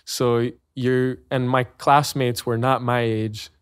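A man's voice: medium pitch, little pitch movement, slow, smooth, no echo, studio quality. A man from Hawaii with a Hawaiian accent, chatting casually as a podcast guest, laid-back and slangy, laughing often. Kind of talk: casual chat.

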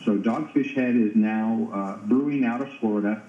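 A man's voice: fairly low pitch, moderate pace, dark tone, slight background noise. Male phone-in contributor, explanatory, lo-fi line. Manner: explanatory, repeats words while thinking. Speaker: beer news contributor. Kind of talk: casual radio chat. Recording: dull phone-line sound, roomy.

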